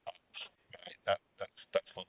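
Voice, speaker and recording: A man's voice: slow pace, no room sound. Man on a tinny line. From United Kingdom. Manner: laughing, teasing, tries out accents. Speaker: podcast host. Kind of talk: casual chat. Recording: tinny phone-like sound, dry.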